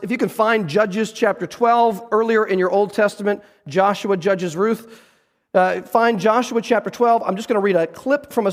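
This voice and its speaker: Male pastor, high voice, earnest sermon delivery, restarts phrases, church hall reverb. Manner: earnest preaching with repeated restarts.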